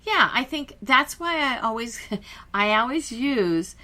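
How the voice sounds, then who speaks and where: A woman's voice: on the high side, animated, slow pace, bright, forceful tone. A woman co-hosting a podcast, a hypnotherapist chatting about her sessions in a confident, breezy and emphatic way. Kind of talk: casual podcast chat.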